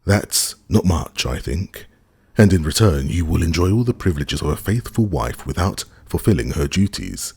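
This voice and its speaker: A man's voice: sits low, animated, normal speed, vocal fry, a little mellow, breathy edge, no room sound, exaggerated voice. A man voicing a cold, sarcastic middle-aged husband in an audiobook, stiff and contemptuous. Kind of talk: audiobook character reading.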